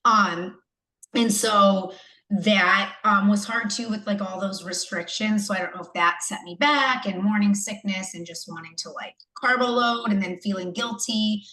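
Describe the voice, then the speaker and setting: A woman's voice: medium pitch, a little slow, sharp tone, reverberant, low-quality recording. A pregnant young woman from the United States, a coaching client, talking emotionally and rambling with many fillers and restarts. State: pregnant, third trimester. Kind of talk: candid video-call testimonial.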